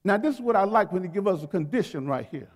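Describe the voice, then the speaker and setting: Male pastor, very high voice, call-and-response sermon with emphatic stresses, long hall reverb. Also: lively intonation. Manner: call-and-response preaching, urging the congregation to repeat words; emphatic, drawn-out stresses on key phrases. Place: church sanctuary.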